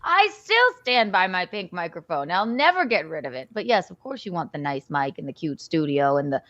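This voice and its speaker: A woman chatting as a podcast guest over a video call, animated and rambling, with frequent restarts and laughs. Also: fairly low pitch, a little fast, dry recording. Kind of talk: casual chat. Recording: dull lo-fi audio.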